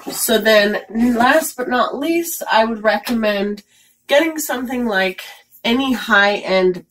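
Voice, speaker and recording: A woman's voice: medium pitch, a bit bright. A young woman giving chatty, enthusiastic product recommendations in a casual beauty vlog, with frequent fillers. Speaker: beauty vlogger.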